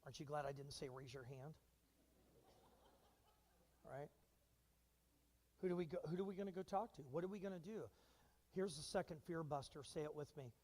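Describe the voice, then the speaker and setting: A high-pitched man preaching to his church, his voice carrying a long reverb through the sanctuary. He is animated, tossing questions to the congregation and acting out what people say. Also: normal speed, long pauses. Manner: animated, asks the congregation questions and acts out quotes. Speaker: pastor. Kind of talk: sermon.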